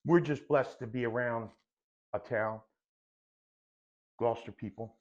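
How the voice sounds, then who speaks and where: A man's voice: mid-range voice, a little slow. A middle-aged man co-hosting a podcast, bantering with blunt wisecracks in casual chat. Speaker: podcast co-host. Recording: dull, lo-fi sound.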